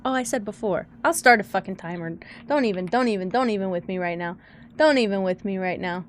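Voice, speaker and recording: Faint music plays behind a young woman chatting casually during a live gaming stream. She talks briskly in a mid-range voice, sniffly and teary from crying, rambling and getting flustered as she laughs at herself.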